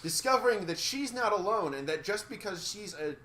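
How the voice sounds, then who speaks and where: A man's voice: high-pitched, animated, fairly quick, pushed and bright, echoey room. A man co-hosting a casual review chat, ranting sarcastically and swearing freely in an exasperated way. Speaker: podcast co-host reviewer.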